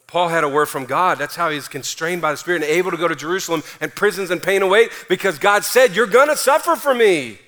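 A man pastor preaching a sermon, emphatic and energetic, mixing in casual slang. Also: fairly high pitch, fast, hardly any pauses.

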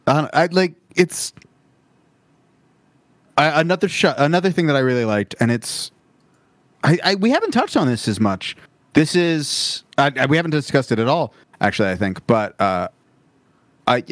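A man's voice: mid-range voice, no room sound. A man talking casually about a film, rambling with false starts and breaking into playful impressions. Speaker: podcast co-host.

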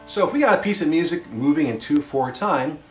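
A man with a slightly high, animated voice teaches a beginner music lesson, explaining time signatures and counting beats slowly and patiently while strumming. It's an instructional lesson with demonstrations, recorded in a roomy space with the instrument playing.

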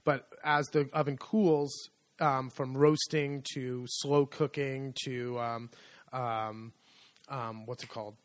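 A man's voice: mid-range voice, level tone, slow pace. A man co-hosting a podcast in casual chat, rambling and hesitant, with lots of fillers. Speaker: podcast co-host. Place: rural home.

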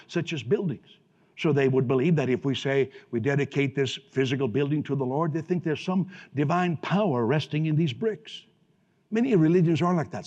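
A man's voice: a little high, darkish tone, slightly rough. A man preaching a sermon emphatically to a congregation in a church, often repeating and restarting his words. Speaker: pastor. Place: large church hall. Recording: dull recording with long hall reverb.

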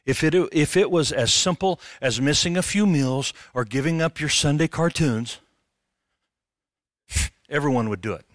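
Bright-voiced joking male pastor. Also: a little high, normal speed, no room sound, clean studio sound. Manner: animated, joking, conversational preaching. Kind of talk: sermon.

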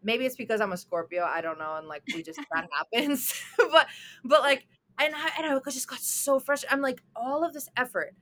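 Animated woman telling her story. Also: a little high. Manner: animated, fast storytelling with many "like"s. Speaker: guest. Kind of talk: storytelling interview chat.

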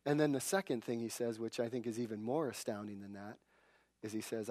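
A man's voice: mid-range voice, steady tone, a little fast, a little mellow. A middle-aged male pastor preaching a sermon in church, earnest and emphatic, with a self-deprecating humor.

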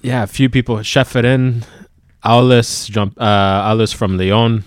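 A man co-hosting a football podcast, explaining events in a halting, casual way with frequent fillers. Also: mid-range voice, fairly even intonation, dry recording, clean studio sound.

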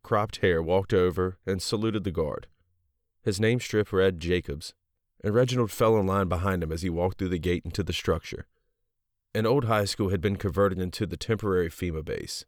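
A man narrating a story in a steady, even audiobook reading. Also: deep voice, no echo, clean studio sound.

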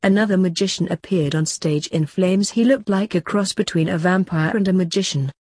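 A woman reading a short story aloud in a calm, even storytelling voice. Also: lowish voice, a little fast, dry recording. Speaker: narrator. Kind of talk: scripted story narration.

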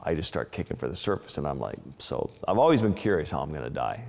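Deep-voiced man recounting dive dangers. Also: expressive, creaky, a little mellow, big-room sound. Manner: halting, restarts often, vivid retelling. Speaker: underwater photographer. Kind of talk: storytelling interview.

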